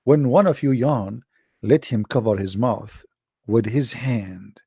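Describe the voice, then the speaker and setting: Gravelly man with a mocking tone. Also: mid-range voice, takes it slowly, mellow, dry recording, studio quality. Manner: mocking, theatrical, with mock sneezes and sung lines. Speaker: online religious commentator. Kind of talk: sarcastic monologue.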